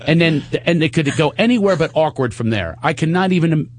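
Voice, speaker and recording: A man hosting a radio talk show, telling comic stories and acting out the people in them. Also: a little fast. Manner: animated storytelling, acts out quotes in a high voice. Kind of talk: casual comedic chat.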